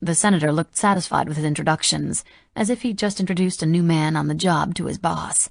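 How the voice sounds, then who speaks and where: Low gravelly woman narrating. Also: a little fast, no room sound, clean studio sound. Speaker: audiobook narrator. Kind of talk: first-person audiobook narration.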